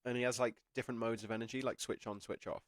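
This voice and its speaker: A man's voice: mid-range voice, fairly even intonation, quick pace, dry recording, clean studio sound. A young man giving casual advice to camera, rambling, full of "like", often self-conscious and laughing. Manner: chatty, rambling, heavy use of "like". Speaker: apprenticeship advice vlogger.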